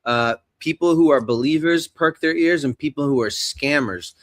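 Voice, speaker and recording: A man's voice: a little high, normal speed, dry recording, studio quality. A man hosting a casual, profane chat who jokes loosely and acts out the people he quotes.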